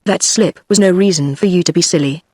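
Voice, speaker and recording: Brisk, composed young secretary, read by a synthetic British woman. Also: lowish voice, darkish tone, no room sound, studio quality, lightly acted. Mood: firm. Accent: British English. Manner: brisk, firm.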